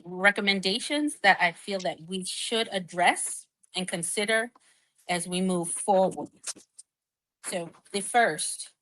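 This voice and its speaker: A woman speaking as a panel discussant in a video call, reading prepared academic remarks in a formal, measured way and working through a list of points. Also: fairly low pitch, dry recording, low-quality recording.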